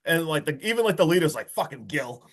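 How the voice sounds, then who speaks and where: Guy on a podcast rambling thru a movie plot, kinda high voice, super hyped and casual. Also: quick pace. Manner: excited, rambling retelling full of "like" and "friggin'". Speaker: podcast co-host.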